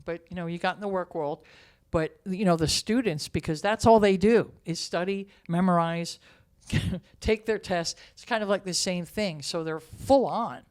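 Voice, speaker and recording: A woman who writes and directs theatre, telling stories in a casual interview, emotional and expressive, sometimes dropping almost to a whisper. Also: lowish voice, moderate pace.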